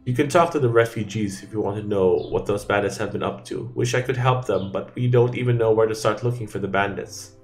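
A man's voice: fairly low pitch, brisk, faint music behind, close to an everyday voice. An actor playing a blunt, unforgiving male fort commander in a video game, speaking in curt, authoritative orders. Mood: grim.

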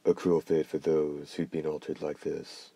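A man narrating a dark fantasy novel in a measured, grave audiobook reading. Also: a bass voice, little pitch movement, creaky, slightly rough, dry recording.

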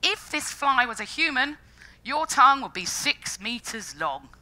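Bright, enthusiastic woman lecturing. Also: high voice, sing-song, measured pace, low-quality recording. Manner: enthusiastic, jokey, acts out quoted voices. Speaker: entomologist giving a public science talk. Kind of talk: lively public lecture. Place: lecture stage before an audience.

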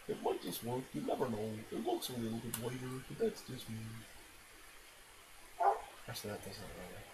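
A man's voice: mid-range voice, big pitch swings, moderate pace, pauses often. A man giving rambling, self-mocking gameplay commentary, swearing often and making silly noises. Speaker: game commentator. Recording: loud background noise.

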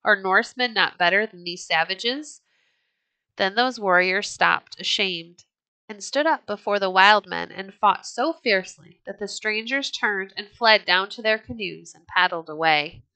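A woman reads an old storybook aloud in a gentle, measured manner, narrating in a bright, clear, mid-range voice. The sound is close and dry, with no room sound or echo.

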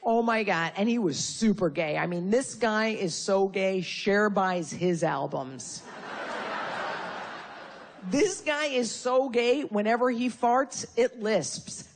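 A woman's voice: mid-range voice, slow, background noise. A woman performing a stand-up comedy routine on stage before a live audience, brash and profane with insult humor.

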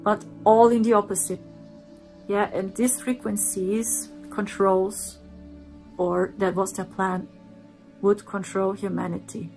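A woman telling her own story in earnest, repeating herself and dropping to a hushed voice for the dark parts. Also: medium pitch, level tone, slow, vocal fry, faint music behind. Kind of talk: personal storytelling.

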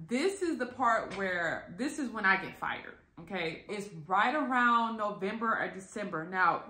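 A woman telling a story to her viewers in a casual, animated and profane way, acting out the quotes. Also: medium pitch. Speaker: vlogger. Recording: echoey room.

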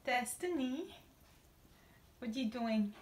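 A woman's voice: a little high, lively intonation, slow, a little hiss or hum. A woman talking to her pet parrots at home in a coaxing, sing-song baby-talk voice, in a kitchen. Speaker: parrot owner and vlogger.

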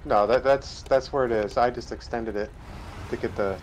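Calm man coaching a co-op game. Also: mid-range voice, moderate pace, slight background noise, poor audio. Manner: calm and helpful, giving driving tips. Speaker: co-op gaming partner. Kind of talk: casual gameplay chat.

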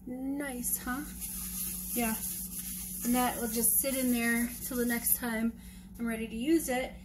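Woman vlogger, rambling and chatty, slow-spoken, high-ish voice, noisy home recording. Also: little pitch movement. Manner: rambling, chatty, talks to her dog in a sing-song voice. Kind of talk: casual home vlog.

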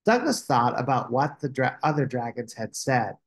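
A man hosting a children's storytime, reading a picture book aloud with expressive delivery. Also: medium pitch, moderate pace.

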